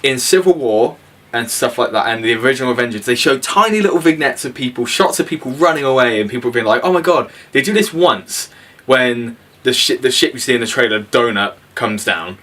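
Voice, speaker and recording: A man's voice: mid-range voice, animated, fairly quick, fairly bright tone. A young man co-hosting a casual film review, blunt and opinionated, sweary, laughing often. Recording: voice from a distance.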